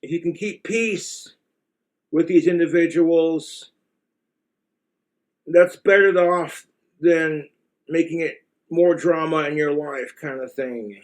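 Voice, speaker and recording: A man's voice: fairly high pitch, steady tone, slow pace, long pauses. A man with an American accent giving blunt, crude, rambling relationship advice in a casual monologue to the camera.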